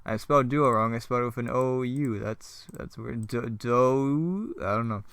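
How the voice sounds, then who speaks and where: A man's voice: medium pitch, normal speed, fairly bright tone, dry recording. Sarcastic young man reading an old script. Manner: laughs often, sarcastic asides. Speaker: reader mocking his own old script.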